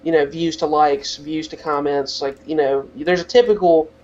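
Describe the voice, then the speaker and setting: A man's voice: fairly high pitch, fairly even intonation, moderate pace, a little mellow, dull audio. A teenage boy co-hosting a podcast, talking in a rambling casual rant full of "like" fillers. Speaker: podcast co-host.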